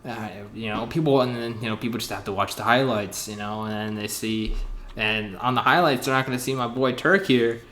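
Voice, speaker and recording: A young man hosting a casual podcast chat, rambling and excitable, full of fillers and restarts. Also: mid-range voice, fairly quick, a little hiss or hum. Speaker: podcast host.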